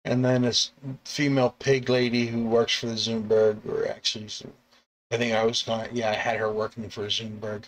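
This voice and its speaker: A middle-aged man, a comic artist and bus driver, chatting casually on a live stream, rambling with restarts and chuckles and acting out quoted lines in sudden high yelps. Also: flat delivery, normal speed, slight background noise. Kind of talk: casual live-stream chat about artwork.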